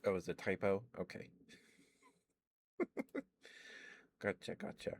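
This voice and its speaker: A man giving quiet, gentle ASMR chat to his stream viewers. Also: sits low, wildly swooping pitch, slow pace, slight background noise. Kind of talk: soft-spoken ASMR chat.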